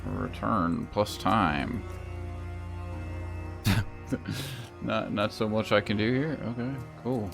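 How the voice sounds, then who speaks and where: A man's voice: fairly low pitch, slow pace, gravelly, long pauses, over music. A man livestreaming a game, reading its dialogue aloud in a joking put-on brogue with dry asides. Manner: reads in a mock Scottish brogue, jokey asides. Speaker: streamer.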